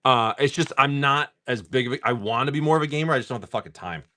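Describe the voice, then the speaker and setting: A man hosting a live stream, rambling casually, swearing freely, and reading off card names in quick lists. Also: medium pitch, sharp tone. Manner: rambling, swears freely, laughs often at chat. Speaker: live-stream host opening card packs.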